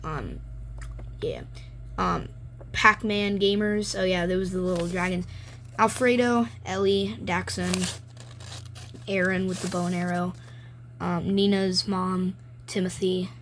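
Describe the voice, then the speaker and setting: A woman's voice: on the low side, steady tone, takes it slowly, long pauses, a little hiss or hum. A woman vlogging casually and rambling, with many ums and likes, as she shows her own drawings. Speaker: video maker. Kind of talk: casual show-and-tell vlog.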